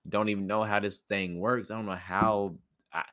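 A man's voice: lowish voice, fairly even intonation, moderate pace, fairly bright tone, dry recording, studio quality, natural voice. A man voicing a laid-back, greedy male cat who lies, in slangy, offhand talk. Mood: casual.

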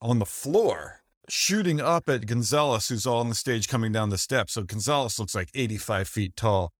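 A man's voice: mid-range voice, animated, dry recording. A man co-hosting a casual podcast chat, trading jokes and slipping into mocking impressions. His voice sits in a middle register and sounds dry and close to the mic, with no room around it. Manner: jokey, does quick mocking voices of commentators. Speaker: podcast co-host. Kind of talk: casual chat reviewing old wrestling.

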